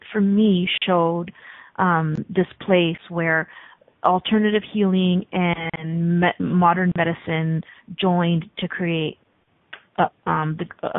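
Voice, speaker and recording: A woman hosting a radio talk show, talking fast with many ums. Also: on the low side, no echo, narrow, tinny audio. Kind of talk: casual talk radio monologue.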